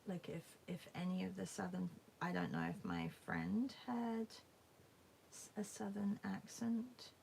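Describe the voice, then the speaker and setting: A woman hosting a live drawing class, chatting softly and musing while she draws, often dropping into a half-whisper. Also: mid-range voice, lively intonation, a little slow, creaky, slight background noise, poor audio. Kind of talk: casual chat while drawing.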